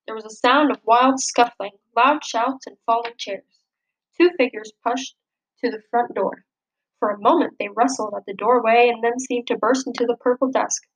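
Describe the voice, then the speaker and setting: A woman reading a children's picture book aloud, gently expressive and lifting her voice for the characters' lines. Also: fairly high pitch, normal speed, low-quality recording. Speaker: storybook reader.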